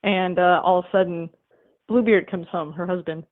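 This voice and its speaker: A woman's voice: fairly low pitch, steady tone, moderate pace. A woman calling in to a comedy show, rambling through a retold fable with lots of fillers and casual swearing. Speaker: caller. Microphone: telephone. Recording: tinny phone line.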